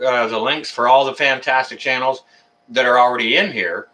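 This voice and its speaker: Speaking at a moderate pace, this livestream host has a mid-range voice that sounds pushed and bright. He greets his viewers by name, chatting in a loose, rambling style thick with fillers and friendly back-and-forth, his voice somewhat distant from the mic.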